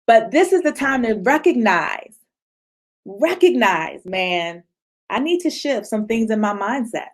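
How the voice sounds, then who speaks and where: Woman speaker, slightly high voice, lively motivational talk over a video call. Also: unhurried. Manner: animated, acts out voices of others, laughs often. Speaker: speaker at a virtual retreat.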